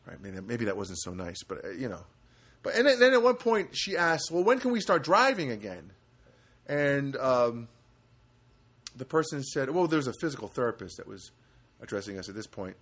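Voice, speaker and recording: A man's voice: medium pitch, very animated, moderate pace, a bit bright. Rambling, wry middle-aged man. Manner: rambling, wry, joking asides, frequent restarts. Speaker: storyteller. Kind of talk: casual anecdotal monologue.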